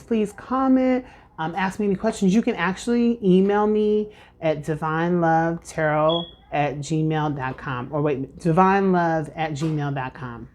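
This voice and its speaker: A woman's voice: fairly low pitch, darkish tone. A woman in her thirties giving a casual tarot reading at home, chatty and preachy with lots of fillers. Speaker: tarot reader.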